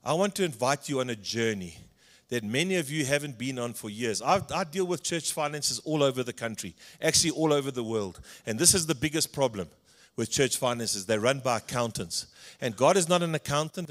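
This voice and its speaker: A middle-aged pastor from South Africa preaches with a voice pitched in the ordinary middle range for a man. He tells personal stories and acts out the people in them, rising loud and then dropping to near-hushed tones. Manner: storytelling preacher, acts out dialogue, swings between loud and hushed. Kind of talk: sermon.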